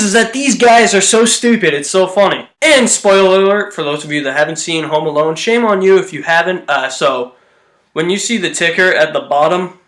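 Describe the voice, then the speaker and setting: A man's voice: a little high, fairly bright tone. A man giving a casual, joking movie review with lots of fillers. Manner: chatty, joking, full of fillers and quick voice impressions.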